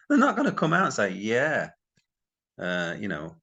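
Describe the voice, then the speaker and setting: A crypto commentary YouTuber talks casually to camera, giving his subscribers rambling, exasperated takes on online schemes. His voice is a little high and sharp, with big pitch swings and a brisk pace.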